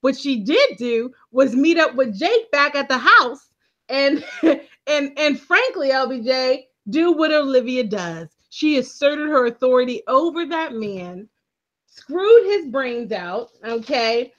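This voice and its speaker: A woman with a high voice co-hosting a TV recap, talking emphatically and quickly. Her audio is dull and lo-fi. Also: expressive. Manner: emphatic and quick, laughing often. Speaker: podcast co-host. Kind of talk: casual TV recap chat.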